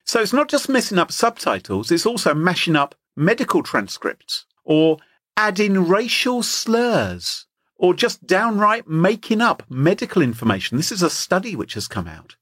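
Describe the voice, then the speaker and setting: A man's voice: high voice, sing-song, normal speed, a bit bright, breathy edge, no room sound, studio quality. An Englishman co-hosting a podcast, telling stories in a joking, playful way. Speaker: podcast co-host. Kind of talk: casual comedic chat.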